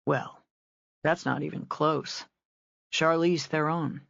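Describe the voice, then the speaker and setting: A laid-back ranch man talks low and unhurried, as a woman narrator reads him. The sound is dull and dry, as from a close booth. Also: vocal fry, no room sound, full character voice. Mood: relaxed. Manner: relaxed, understated, low.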